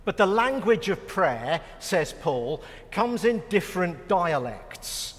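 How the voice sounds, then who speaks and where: Middle-aged British man, preacher, unhurried delivery, echoey hall sound, dry self-mocking wit. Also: sits high, very animated. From United Kingdom. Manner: wry, self-mocking humor. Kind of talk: sermon.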